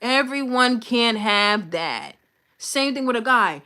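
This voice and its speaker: Boastful woman streamer, slightly high voice. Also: expressive, takes it slowly, pushed and bright. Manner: boastful, confident, repeats points for emphasis; slangy, blunt, talks straight to viewers. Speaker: livestream host. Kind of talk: casual livestream chat.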